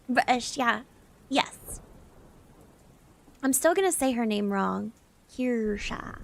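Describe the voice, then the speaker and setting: A woman's voice: a little high, creaky. A young woman from the South, chatting casually with her live-stream chat as a VTuber and reading out messages as she answers them. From Southern United States.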